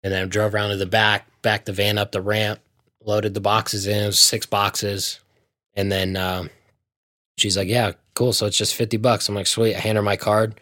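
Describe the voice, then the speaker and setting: A man with a low voice tells a story at length in a casual chat, animated and full of swearing. The sound is dry and close. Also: moderate pace, dry recording.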